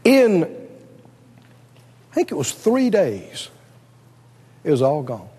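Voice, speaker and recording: A man's voice: on the high side, wildly swooping pitch, slow, dark tone, breathy edge. A man preaching a sermon, telling stories with lots of laughter and acting out his own voice. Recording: long reverb of a large hall.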